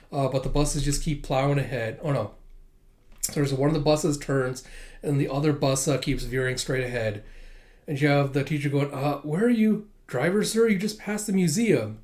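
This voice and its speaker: A man's voice: mid-range voice, darkish tone. A man giving a casual chapter recap as a manga reviewer, chatty, with frequent laughs and fillers.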